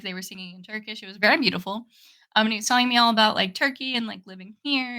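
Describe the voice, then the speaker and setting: A woman's voice: medium pitch, pushed and bright. A woman co-hosting a podcast, telling a rambling story in casual chat and swearing casually. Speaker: podcast co-host.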